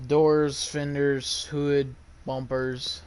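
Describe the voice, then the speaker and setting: A man with a sore, hoarse throat gives blunt, offhand commentary while working in a car repair shop. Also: medium pitch, level tone, very slow. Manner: blunt, offhand, mildly swearing. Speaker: vlogger. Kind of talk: casual running commentary.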